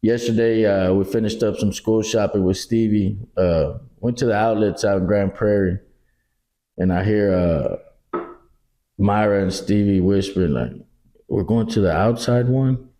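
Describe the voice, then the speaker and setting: A middle-aged Texan man chatting on a podcast with a mellow, darkish voice. He tells stories with animated energy, acts out what people said and swears freely. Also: lowish voice, measured pace. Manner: animated storyteller, acts out quotes, swears a lot. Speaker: podcast co-host. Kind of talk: casual chat.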